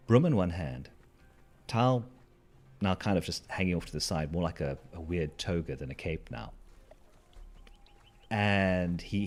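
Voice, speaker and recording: A man's voice: deep voice, darkish tone, husky. A man telling a wry, rambling story to his stream, with asides to the listeners. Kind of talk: casual storytelling while gaming.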